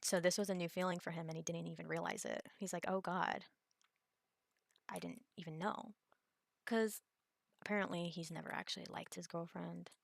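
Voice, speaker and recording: A woman's voice: fairly low pitch, fairly even intonation, moderate pace, creaky, long pauses, dry recording, clean studio sound. A young woman, telling a personal story in a casual vlog, rambling with many fillers and restarts. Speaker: vlogger.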